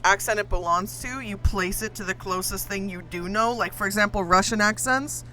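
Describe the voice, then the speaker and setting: A streamer with an accent between American and Indian English chatting casually with viewers while gaming, rambling and full of fillers. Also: female voice, mid-range voice, moderate pace, sharp tone, slight background noise. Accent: mix of American and Indian English. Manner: rambling, lots of fillers, giggly.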